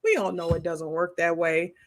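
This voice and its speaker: A woman hosts a casual homeschooling chat, answering viewer comments and speaking directly to her audience with plenty of asides. She is animated, with a voice on the low side and a normal speaking speed.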